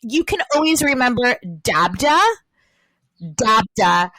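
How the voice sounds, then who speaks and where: A woman chatting as a guest on a podcast, her voice sitting a little high. She rambles along with plenty of fillers and restarts. The sound is dry and close. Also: animated, slow, bright, forceful tone, dry recording, rough recording. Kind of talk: casual chat.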